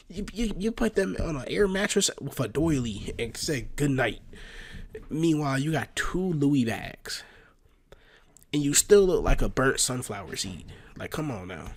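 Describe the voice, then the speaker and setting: A man's voice: mid-range voice, big pitch swings, unhurried, breathy edge. A man hosting a reaction video in casual, slangy commentary, laughing and joking between remarks. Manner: slangy, laughing, joking, says "bro" a lot. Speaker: reaction channel host.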